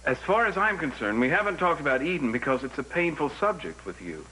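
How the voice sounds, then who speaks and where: An actor playing the earnest son of a wealthy family in a soap opera, articulate and reassuring. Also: male voice, on the high side, very animated, fairly quick, bright, forceful tone, low-quality recording. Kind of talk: television soap opera acting.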